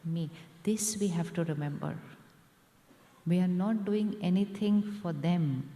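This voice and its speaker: A woman with an Indian English accent giving a calm, repetitive meditation talk as a spiritual teacher, often asking the audience questions. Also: on the low side, takes it slowly, long pauses. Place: large hall at a live event. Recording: echoey hall with long reverb.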